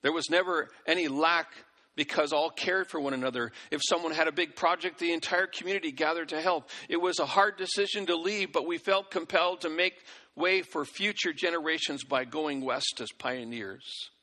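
A man's voice: a little high, moderate pace, sharp tone, pitched above the performer's own voice. A man voicing earnest pioneer settlers describing the town they left, heard with a long hall reverb.

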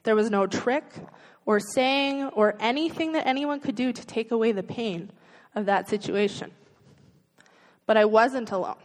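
A woman delivers a sermon in an earnest, conversational tone, leaning on rhetorical questions. Her voice sits a little high. A long reverb trails behind her words, as in a large hall. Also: unhurried. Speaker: preacher.

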